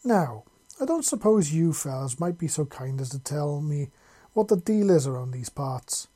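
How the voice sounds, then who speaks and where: A man voicing a menacing male wanderer who puts on an accent and talks in a slow, mock-polite drawl. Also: fairly high pitch, big pitch swings, dark tone, husky.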